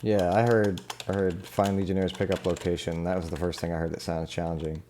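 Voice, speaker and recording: A man's voice: low voice, flat delivery, a little fast, a little mellow, slight background noise. A man narrating as game master of a tabletop game, rambling loosely with plenty of fillers.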